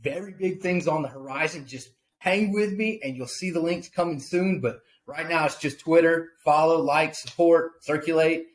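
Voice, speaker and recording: An impassioned man talks as a podcast guest, preaching faith and determination with a fervent, sermon-like drive. His voice sits a little higher than most men's. He doubles back on his words as he gets fired up. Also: normal speed, few pauses. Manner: impassioned, preachy, repeats himself. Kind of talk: fervent faith-based motivational talk.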